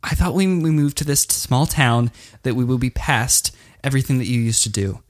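A man's voice: medium pitch, close to an everyday voice. A man playing a stammering flustered wife. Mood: accusing. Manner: stammering, hurried. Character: flustered young wife, nervous and suspicious. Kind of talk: improvised role-play.

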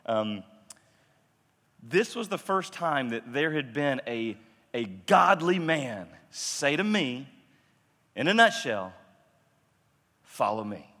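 A man's voice: fairly high pitch, very animated, slow, pauses often, pushed and bright. A man telling a personal story in a sermon, conversational and self-deprecating, acting out the dialogue. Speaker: pastor. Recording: long reverb of a large hall.

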